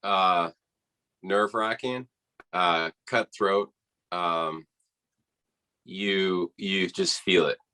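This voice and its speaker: A man with a fairly low voice recounts a story on a podcast interview. He talks casually and with energy, and slips into the voices of the people he quotes. The delivery is loose and conversational. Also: drawn-out words, long pauses, poor audio. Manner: animated storyteller who acts out quoted people. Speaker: interview guest, rower.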